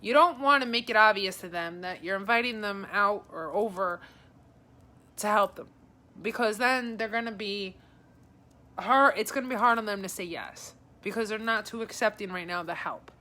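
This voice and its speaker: A woman psychic talks through a live-streamed reading with a bright, clear tone. She is chatty and informal and keeps calling viewers by name as she relays messages. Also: mid-range voice, moderate pace. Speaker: psychic advisor.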